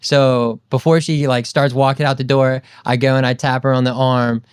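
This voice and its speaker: A young man in his twenties talks casually, rambling through a story with plenty of fillers. His voice is smooth and resonant, recorded dry and close. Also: mid-range voice, level tone, normal speed, dry recording. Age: 20s. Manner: rambling, loose, lots of fillers and "dude". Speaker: podcast guest.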